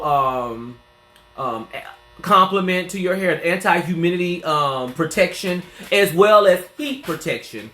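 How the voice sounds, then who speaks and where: A hairstylist and salon owner in his 40s chats live with viewers while touring his small indoor salon, his high, bright voice full of sass as he calls them girl and honey. The room gives the sound an echoey, roomy quality.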